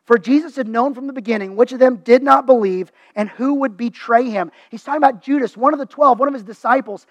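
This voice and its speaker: A man's voice: very high voice, fast talker, no room sound, highs cut off. A man preaching a sermon in a conversational way, acting out what people say. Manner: conversational preaching, acts out quoted voices. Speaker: pastor.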